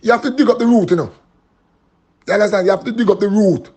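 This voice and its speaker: A man's voice: high voice, fast, darkish tone, husky. A Jamaican man giving a pleading, repetitive, preacher-style live appeal and prayer. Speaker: street preacher and vlogger.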